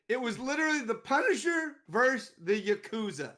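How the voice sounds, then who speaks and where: High-pitched dude ranting about movies, swears a lot, gets loud and laughy. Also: male voice, big pitch swings, fairly quick, few pauses. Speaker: podcast co-host. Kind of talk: casual movie chat.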